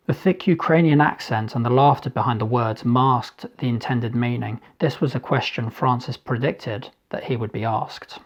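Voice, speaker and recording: A man narrates his own thriller audiobook at a steady, measured pace with a mid-range voice. His reading is calm and deliberate. The recording has a slightly dull, lo-fi sound. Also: mid-range voice. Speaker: author reading his novel. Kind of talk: scripted narration.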